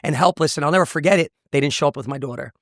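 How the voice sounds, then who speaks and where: Speaking racing-fast in a slightly high voice, a motivational speaker shares an emotional personal testimony with intensity and earnestness, repeating himself as he goes. The recording is studio quality with no echo.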